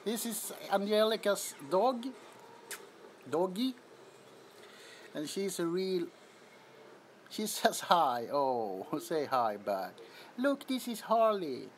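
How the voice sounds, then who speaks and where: A man with a Swedish accent chats casually through a livestream from an apartment, giggling often. His voice sits high and his pace is slow and easy, with a faint hum of room noise behind him. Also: big pitch swings. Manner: giggly, amused, introducing kittens. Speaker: livestream host. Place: indoors, apartment.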